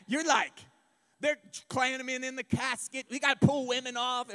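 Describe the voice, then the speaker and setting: A male pastor preaching a sermon, emphatic and building to shouts. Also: extremely high pitch, steady tone, moderate pace. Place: church sanctuary. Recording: long reverb of a church hall.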